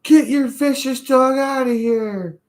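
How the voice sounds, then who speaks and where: A shrill, scolding entitled woman, as a man puts her on in a voice pushed far above his own, sharp and indignant. She barks her complaint in a high, strained squawk. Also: slow pace, exaggerated voice. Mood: furious. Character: angry entitled woman yelling at a dog owner.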